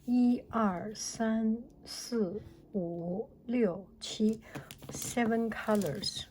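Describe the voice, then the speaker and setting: Brief: woman, very slow soft half-whisper, unboxing vlog, clicking noise behind. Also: on the high side, low-quality recording. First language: Mandarin Chinese. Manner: soft, often half-whispered, excited exclamations. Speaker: teacher.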